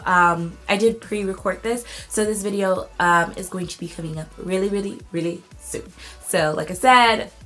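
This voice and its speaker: An excitable woman YouTuber talks her way through a gift unboxing at home. Her voice sits at an ordinary middle pitch, and her chat is loose and full of slang. Soft music plays faintly underneath. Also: poor audio. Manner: bubbly and excitable, casual slang. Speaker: beauty YouTuber. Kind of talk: casual unboxing vlog.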